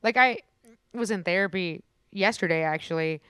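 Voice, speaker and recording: A soft-spoken woman, a musical comedian, chatting on a podcast at a comedy club with lots of fillers and restarts. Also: on the low side, normal speed, clean tone, no room sound. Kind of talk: casual podcast conversation.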